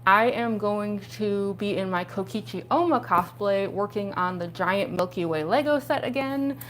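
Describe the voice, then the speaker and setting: A young woman chatting casually on a livestream, giggling often and full of fillers, her voice jumping up when she gets excited, while she speaks around costume fake teeth. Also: moderate pace, a little hiss or hum. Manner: excitable, pitch jumping up on exclamations.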